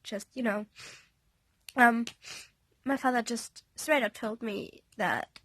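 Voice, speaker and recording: A young woman vlogging from a bed, shaken after a panic attack, talking in a halting, apologetic way that often drops to a soft half-whisper. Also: a little high, no echo. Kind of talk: confessional personal vlog. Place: indoors, on a bed in a bedroom.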